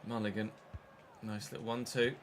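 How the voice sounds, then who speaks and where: A man streaming a football video game, giving an excitable, sweary running commentary on the play. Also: lowish voice, fairly quick, noisy background. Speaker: gaming streamer. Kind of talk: live gameplay commentary.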